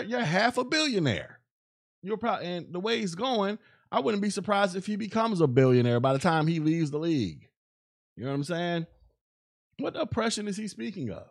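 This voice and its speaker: A man hosting a solo podcast in a casual, rambling rant, often restarting his sentences and tossing in filler phrases. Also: fairly high pitch. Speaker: podcast host. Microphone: podcast microphone.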